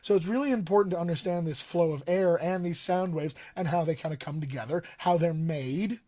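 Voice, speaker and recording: A man's voice: fairly high pitch, a little fast, dark tone. A man teaching a live-streamed voice lesson as a dialect coach, explaining things conversationally and speaking straight to his viewers. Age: young adult. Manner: conversational, explains with analogies, addresses viewers directly.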